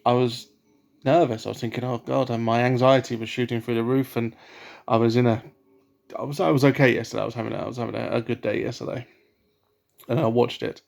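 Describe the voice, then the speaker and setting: A man telling a personal story in a casual vlog, rambling with many fillers and restarts in a soft, self-conscious way. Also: medium pitch, level tone, fast, creaky. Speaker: vlogger.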